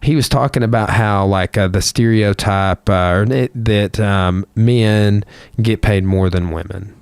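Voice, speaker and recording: A man's voice: on the low side, fairly even intonation, unhurried, creaky, darkish tone, smooth, dry recording. A man hosting a podcast, talking in a loose, rambling way with plenty of swearing. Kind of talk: casual chat.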